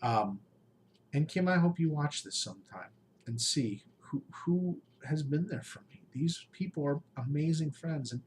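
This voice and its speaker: Man, late forties, emotional vlog update, heartfelt, pleading, halting, faint background noise. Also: on the high side, animated, a little mellow. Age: 40s. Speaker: YouTube game master channel host. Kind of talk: emotional personal update to followers.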